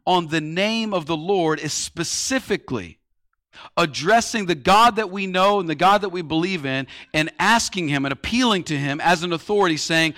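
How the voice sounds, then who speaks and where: A man's voice: on the high side, expressive, moderate pace, sharp tone. A man preaching a sermon in a conversational way, using everyday analogies and rhetorical questions. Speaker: pastor.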